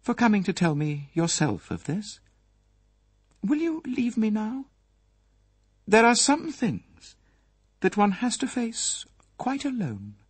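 A man voicing an elderly proud English lady, a grieving mother, who speaks hoarsely and with trembling emotion in an audiobook reading. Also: high-pitched, slow pace, long pauses, no echo, voice pushed up, full character voice. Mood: formal, remote. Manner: formal, remote, trembling with emotion.

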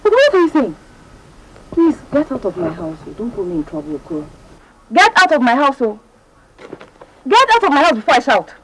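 A woman's voice: on the low side, big pitch swings, fast talker, few pauses, warm tone, slight background noise, rough recording. A woman with a Nigerian accent playing an indignant wife who protests and pleads with an intruder. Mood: alarmed. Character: frightened, indignant young wife defending herself. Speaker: brother's wife. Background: film score.

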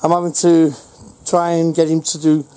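A man's voice: fairly high pitch, flat delivery, normal speed, dark tone, low-quality recording. Man from the north of england training his dog. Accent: Northern English. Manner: gives short repeated commands to his dog. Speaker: dog owner vlogger. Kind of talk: casual dog-training vlog.

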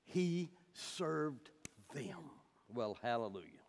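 A man's voice: mid-range voice, very animated, takes it slowly, creaky. A man teaching the Bible in a folksy, emphatic way, with personal stories.

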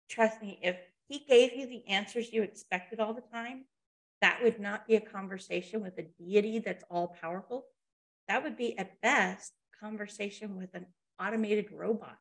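A woman presents a motivational webinar in an easy, conversational way. She keeps checking in with her audience as she moves into a story. Her voice sits in a middle range. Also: mid-range voice.

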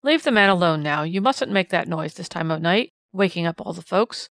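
A woman's voice: lowish voice, expressive, normal speed, fairly bright tone, no echo. Woman doing a stern old-time constable. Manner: stern, admonishing. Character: stern male London constable.

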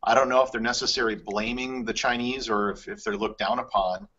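A man with a bright, forward tone and a slightly husky edge, hosting a travel podcast. He talks in a relaxed, easygoing way and thinks aloud with lots of filler words. The sound is a little dull and lo-fi. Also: mid-range voice, a little fast. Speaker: podcast host. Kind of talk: casual podcast conversation. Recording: slightly muffled audio.

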